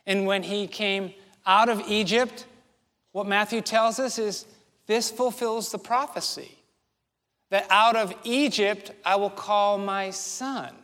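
A man in his forties preaching a sermon, telling a story slowly and asking the congregation rhetorical questions. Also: high voice, a bit bright, big-room sound. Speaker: pastor. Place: church sanctuary.

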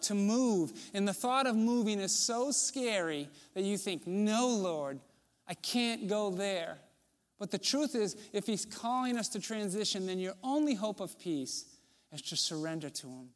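A man gives a sermon in a lightly pitched voice, talking to the congregation like a friend. He asks rhetorical questions and sinks into soft, low tones for emphasis. His words ring out with a long reverb, as in a large sanctuary. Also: expressive, normal speed. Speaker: pastor.

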